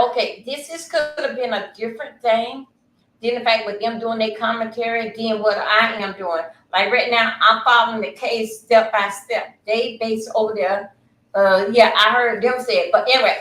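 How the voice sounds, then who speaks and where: A woman's voice: fairly high pitch, bright, forceful tone, reverberant, rough recording. A woman hosting a casual livestream, rambling and talking straight to her viewers from her computer. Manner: chatty, rambling, addresses viewers directly. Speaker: livestream host. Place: at home at a computer.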